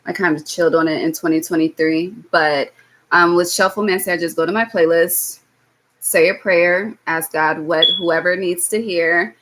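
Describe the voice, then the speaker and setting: A young tarot reader gives a reading on a live stream, speaking casually and bluntly, swearing freely, and repeatedly checking in with viewers by asking "okay?". Her voice is slightly low and a bit bright, with fairly even intonation and a moderate pace.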